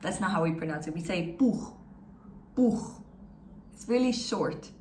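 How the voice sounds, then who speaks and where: A woman's voice: on the low side, animated, a little fast, a little mellow, roomy sound, slight background noise. A woman, a teacher giving an encouraging, step-by-step pronunciation lesson and having learners repeat after her. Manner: encouraging, demonstrates sounds and has learners repeat. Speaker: German language teacher.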